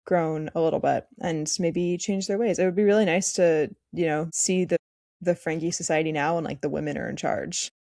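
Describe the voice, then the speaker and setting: A woman's voice: deep voice, steady tone, fairly quick, creaky, warm tone, no room sound, studio quality. Fired-up young woman co-host. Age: young adult. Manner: emphatic, fired-up ranting. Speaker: podcast co-host. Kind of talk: casual podcast chat.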